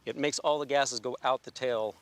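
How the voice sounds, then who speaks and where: A man's voice: mid-range voice, fairly even intonation, normal speed, a crowd in the background. A man, a pulse jet builder, plainly explaining his design outdoors. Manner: plain, technical. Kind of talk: explaining to hosts. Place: outdoors at a runway.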